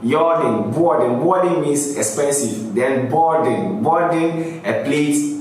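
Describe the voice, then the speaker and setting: A man talks through rap lyrics one line at a time, chuckling as he goes. He sits some way from the mic in a very echoey room with a faint hiss of noise behind him. His pitch sits in an ordinary middle range. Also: lively intonation, slow pace, darkish tone, distant mic. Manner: explains lyrics line by line, laughs often. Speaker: music reaction host. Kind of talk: casual reaction commentary. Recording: roomy echo, off-mic, faint background noise.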